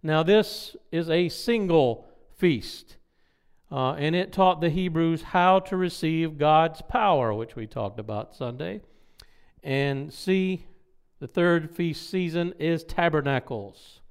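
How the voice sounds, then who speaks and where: A man preaching a Bible teaching in an emphatic way, slowing down to stress key words and making asides to his listeners. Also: fairly high pitch, smooth. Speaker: pastor teaching a Bible study. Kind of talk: sermon-style Bible teaching.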